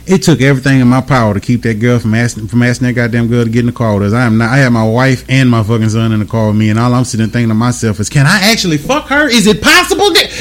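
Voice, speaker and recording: A man's voice: mid-range voice, flat delivery, very fast, hardly any pauses. A man, telling rambling, profane stories in casual chat as host. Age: 20s.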